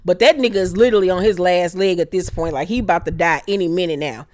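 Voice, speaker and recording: Animated woman recapping a TV show. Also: fairly low pitch, fast, no echo, studio quality. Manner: animated, acts out characters in exaggerated voices. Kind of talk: casual profane TV recap.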